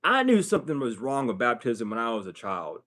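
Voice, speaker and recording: A man's voice: medium pitch, wildly swooping pitch, a little fast, fairly bright tone. A young man hosting a late-night livestream, talking bluntly and profanely in a casual monologue that rises into heated outbursts. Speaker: livestream host.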